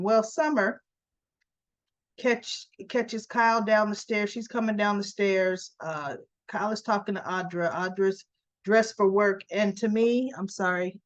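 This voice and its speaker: In a casual recap, a woman chattily retells a soap opera episode, acting out the characters' lines. Her voice is medium-pitched and unhurried, and the recording sounds muffled.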